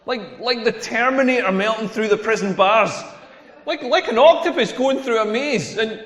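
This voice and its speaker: A man's voice: extremely high pitch, moderate pace, a bit bright. A man with a Scottish accent playing a crude, self-mocking stand-up comedian telling a rambling routine on a comedy club stage. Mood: deadpan crude. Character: crude boastful Scottish male stand-up comic. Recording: echoey hall with long reverb.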